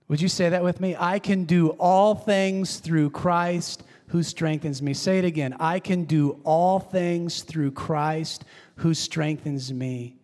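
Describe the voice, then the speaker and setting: Guy pastor preaching, kinda high voice, big echoey church hall, punchy then soft. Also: unhurried. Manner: emphatic, rises high for emphasis then drops to hushed prayer. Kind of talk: sermon. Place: church sanctuary. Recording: reverberant hall.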